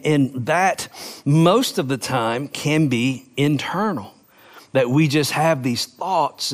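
A man preaching a sermon, explaining scripture with slow, emphatic phrasing and playful sound-outs of words. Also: mid-range voice. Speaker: pastor.

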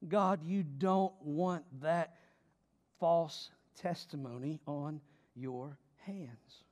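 A man with a high, light voice preaches a sermon at an unhurried pace. He reads scripture aloud and explains it. His delivery rises to forceful emphasis and sinks to hushed, low passages. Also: lively intonation, long reverb tail. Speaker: pastor.

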